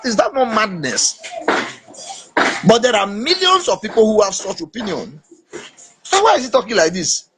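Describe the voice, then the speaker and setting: A man with a Nigerian accent in casual political chat, emphatic and animated, slipping into Pidgin. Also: high voice, background noise. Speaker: podcast host.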